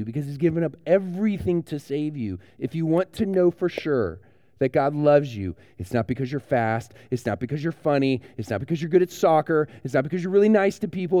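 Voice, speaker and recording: A man's voice: on the high side, expressive, brisk, dark tone, no room sound, studio quality. A man, a pastor giving a playful, joking children's sermon in a conversational way.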